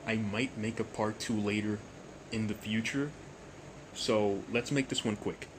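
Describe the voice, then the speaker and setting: A man's voice: fairly low pitch, measured pace, background noise. Jokey young man telling a rambling story. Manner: jokey, rambling, deadpan asides. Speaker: YouTuber storyteller. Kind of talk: storytime vlog.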